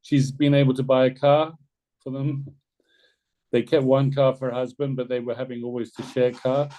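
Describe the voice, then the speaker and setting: A man's voice: mid-range voice, little pitch movement, normal speed, warm tone, rough recording. A man leading an orientation video call, talking loosely and persuasively, often repeating his words. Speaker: team leader on an orientation call. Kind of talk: casual persuasive talk.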